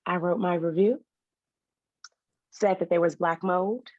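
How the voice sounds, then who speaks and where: A woman's voice: fairly low pitch, unhurried, darkish tone, no echo. Blunt woman on a dull, dry line. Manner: blunt, swears casually, acts out phone calls. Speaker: podcast co-host. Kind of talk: casual storytelling chat.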